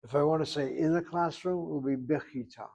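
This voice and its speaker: An older man teaches a Hebrew class, walking through the grammar patiently one step at a time and repeating words slowly. His voice sits a little high, with a gravelly, somewhat dark tone.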